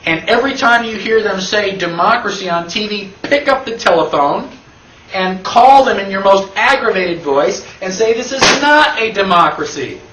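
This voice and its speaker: An emphatic man with a fairly high voice teaches a classroom lecture and keeps throwing rhetorical questions at his listeners. The sound is roomy and echoey. The mic sits at some distance from him. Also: animated, moderate pace, fairly bright tone, a little hiss or hum. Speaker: constitution class instructor. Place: classroom with an audience.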